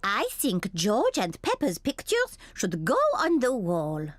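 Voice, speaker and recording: A woman voicing a gentle female gazelle who teaches a playgroup, in a warm, encouraging cartoon voice. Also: medium pitch, huge pitch swings, slow, dry recording, faint music behind, heavily acted. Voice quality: warm, encouraging, sing-song. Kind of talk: cartoon voice acting.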